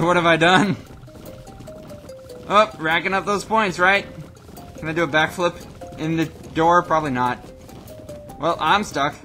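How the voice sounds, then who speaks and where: A young man doing goofy, excitable let's play commentary as a gaming YouTuber, often breaking into shouts. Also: on the high side.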